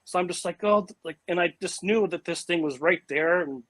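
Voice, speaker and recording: Animated man telling a story, slightly high. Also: normal speed, no echo, rough recording. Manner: animated and vivid, with frequent "like" and "you know" fillers and restarts. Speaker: interview guest recounting an encounter. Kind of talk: casual spoken storytelling.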